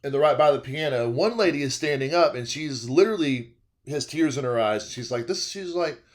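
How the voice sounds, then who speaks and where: A young man, telling a comedic story about his work as a restaurant server. He talks in an animated way, cuts himself off, and repeats phrases for laughs. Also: mid-range voice, brisk. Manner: animated, self-interrupting, repeats phrases for comic effect.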